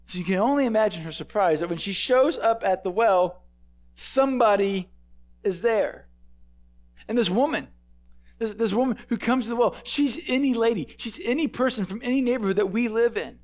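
Brief: male preacher, high and bright-pitched, casual emphatic sermon delivery with repetitions. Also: moderate pace. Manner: conversational, emphatic, repeats words.

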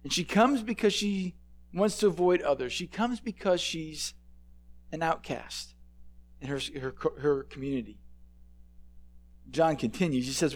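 A man's voice: a little high, a little slow, long pauses. A man preaching a conversational sermon, emphatic and often repeating words.

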